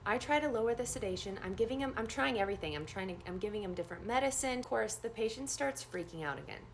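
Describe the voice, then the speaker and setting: A woman with a slightly high voice telling a personal story in a casual, chatty way. She is a nurse, and she acts out the dialogue with big leaps in pitch. A faint hiss sits under her voice. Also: fast.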